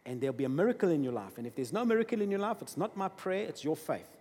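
A man preaching a sermon, emphatic, swinging between loud bursts and quiet asides. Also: a little high, lively intonation, very fast, husky. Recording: long reverb of a large hall.

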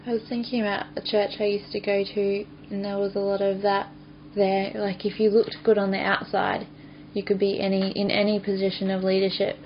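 A woman's voice: medium pitch, level tone, brisk, hardly any pauses. A woman in casual conversation, sharing her thoughts in a reflective, hesitant way with many fillers. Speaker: Christian podcast co-host. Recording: dull lo-fi sound with faint hiss.

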